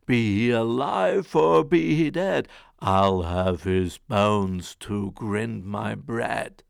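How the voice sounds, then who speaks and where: Man voicing a huge hungry ogre for a storybook: slow, booming, gravelly, very dry sound. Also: dry recording, full character voice. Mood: menacing. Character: huge hungry male ogre, gruff and menacing. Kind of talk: storybook reading.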